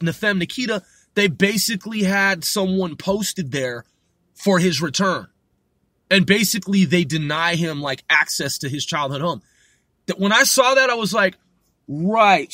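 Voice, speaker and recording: Bright-voiced man rambling in a commentary. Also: sits high, no room sound. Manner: rambling, many fillers and restarts. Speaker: channel host. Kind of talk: casual monologue commentary.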